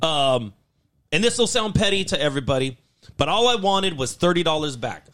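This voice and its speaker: A fired-up man tells a grievance story on a podcast, cursing constantly. His slightly high voice swings widely as he relives the argument. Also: normal speed. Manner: profane, animated, heated storytelling. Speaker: podcast host. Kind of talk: casual ranting story.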